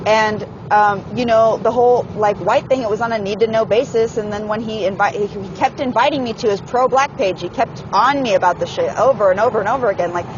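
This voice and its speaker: A woman's voice: medium pitch, fairly quick, few pauses, muffled recording, background noise. Frustrated young woman venting, swearing a lot. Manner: frustrated, profane, heavy use of "like". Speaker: person venting in a voice message. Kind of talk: casual venting monologue.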